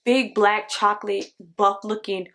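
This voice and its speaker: A young woman from Oklahoma telling a storytime vlog, animated and acting out the voices. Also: mid-range voice, unhurried. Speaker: vlogger.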